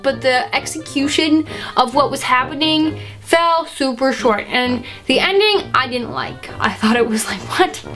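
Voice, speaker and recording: A woman's voice: high-pitched, fairly bright tone. A woman chatting casually about books in a review vlog, slangy and playful, with lots of "like" fillers. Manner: chatty and slangy, with frequent likes and playful asides. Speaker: book vlogger. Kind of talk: casual book review chat.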